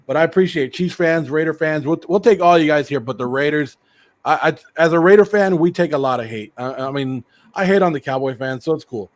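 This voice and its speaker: A middle-aged American man hosting a casual livestream, rambling excitedly and sounding a bit sick and hoarse. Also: medium pitch. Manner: excited, rambling, laughs often. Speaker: host.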